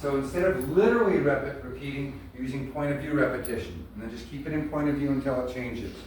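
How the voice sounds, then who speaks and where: A man's voice: mid-range voice, expressive, fast talker, a little mellow. A man coaching an acting class, talking bluntly and with energy, laughing often. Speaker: acting teacher. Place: large echoey studio room. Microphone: far camera mic. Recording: echoey room from a distance, noisy.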